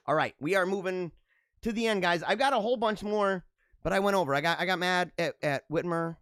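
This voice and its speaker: A man's voice: high-pitched, brisk, a bit bright, smooth, dry recording, studio quality. A man hosting his own talk show, reading jokes aloud and reacting with sarcastic, joking commentary and frequent laughter. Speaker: podcast host.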